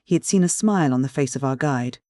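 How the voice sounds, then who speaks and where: A man narrating a classic adventure novel in steady, clear first-person storytelling. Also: medium pitch, quick pace, no echo, clean studio sound. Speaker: audiobook narrator.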